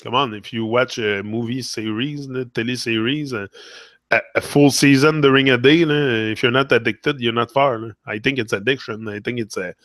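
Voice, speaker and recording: French-accented man, bright and dry, rambling earnest motivational vlog talk. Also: mid-range voice, steady tone, normal speed, dry recording. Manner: rambling, self-correcting, earnest. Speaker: motivational vlogger. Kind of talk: casual live motivational talk.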